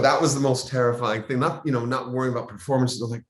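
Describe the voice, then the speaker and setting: Guest actor, male, animated storyteller who plays out the voices he quotes, roomy echo. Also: mid-range voice, rapid-fire, hardly any pauses. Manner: animated, acts out quoted voices, frequent restarts. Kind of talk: interview storytelling. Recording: roomy, echoey sound.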